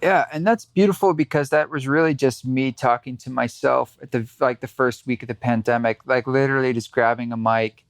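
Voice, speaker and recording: A man's voice: medium pitch, a little fast, few pauses, no room sound. A man hosting a podcast in casual conversation, reflective and rambling with many fillers. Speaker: podcast host.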